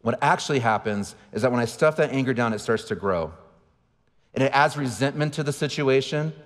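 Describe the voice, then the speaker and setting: A man's voice: medium pitch, lively intonation, brisk. Man preaching in a reverberant church hall. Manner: candid, self-deprecating storytelling with asides to the crowd. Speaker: pastor. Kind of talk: sermon. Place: large church auditorium.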